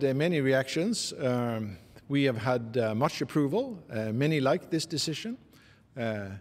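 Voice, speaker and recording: A man with a Norwegian accent speaks at a middle pitch, answering interview questions formally. He pauses often and fills gaps as he picks his words. The sound carries a long reverb. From Norway. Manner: halting, measured, many pauses and fillers. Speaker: interviewee, committee secretary.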